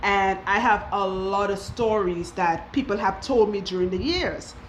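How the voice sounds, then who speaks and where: Casual female host for a story time chat, laughs easily, middle-pitched, light noise behind. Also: a little slow, poor audio. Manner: chatty, laughs often while telling stories. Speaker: loctician and show host.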